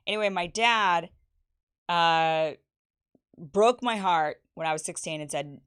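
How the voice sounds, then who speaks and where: A young woman with a fairly low, slightly bright, clean-toned voice talks a little fast while hosting her own birthday livestream. She chats casually about her life and reads viewer messages aloud, adding teasing asides and laughs.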